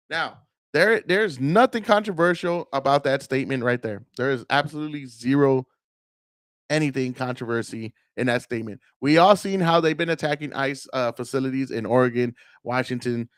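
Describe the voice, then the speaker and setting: A man's voice: mid-range voice, moderate pace, no room sound, studio quality. A man hosting a casual political rant, profane and rambling, often mocking the people he talks about. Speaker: political commentary host.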